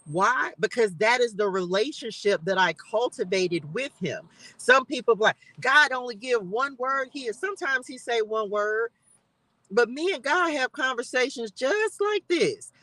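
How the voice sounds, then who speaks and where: A woman's voice: a little high, lively intonation, unhurried, fairly bright tone, no room sound, poor audio. A woman hosting a live stream from her car, giving fervent, repetitive faith encouragement with bursts of laughter. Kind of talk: casual spiritual encouragement talk. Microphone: live-stream device mic.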